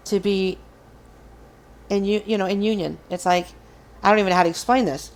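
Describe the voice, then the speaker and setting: A woman's voice: mid-range voice, steady tone, a little fast, long pauses. Earnest woman giving a tarot reading. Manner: earnest, encouraging, speaks straight to viewers. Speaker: tarot reader. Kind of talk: casual collective tarot reading.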